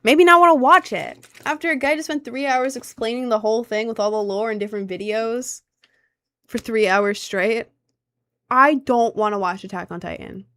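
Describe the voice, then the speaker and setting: A woman's voice: fairly high pitch, normal speed, fairly bright tone, clear, resonant tone, no room sound. A woman in her twenties, streaming and chatting with her viewers, rambling and self-conscious with lots of filler words. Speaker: streamer answering chat. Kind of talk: casual chat.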